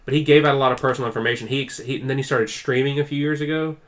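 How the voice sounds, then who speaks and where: A man's voice: medium pitch, fairly even intonation, racing, slight background noise. A man co-hosting a podcast, telling a long story in casual chat, full of "like" fillers and acted-out quotes. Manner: rambling storyteller, heavy use of "like"; acts out quoted people with raised intensity. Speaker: podcast co-host.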